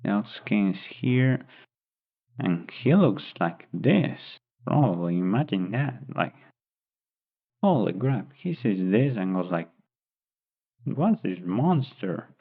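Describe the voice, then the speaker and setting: A man's voice: lowish voice, expressive, slow. A man improvising a story aloud, rambling and thinking as he describes pictures, recorded on tinny phone-like audio. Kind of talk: unscripted story narration.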